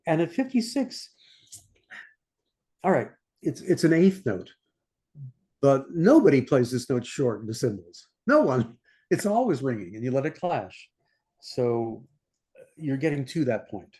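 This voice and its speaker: An older conductor teaching an online masterclass, talking through a score and singing the passages in scat syllables. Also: male voice, mid-range voice, sing-song, measured pace, pauses often, mellow. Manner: sings passages in scat syllables between instructions. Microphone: computer mic on a video call.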